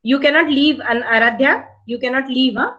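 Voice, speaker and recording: Indian English woman teacher, slightly high voice, patient and repetitive, coaching pupils through reading. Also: normal speed, highs cut off. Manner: patient, repeats instructions, prompts and corrects pupils. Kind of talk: online reading class.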